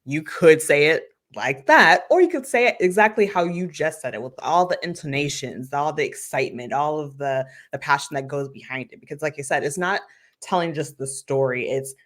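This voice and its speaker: A woman marketing consultant talking as a podcast guest, animated and emphatic, saying "like" often. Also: sits low, moderate pace. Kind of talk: conversational interview.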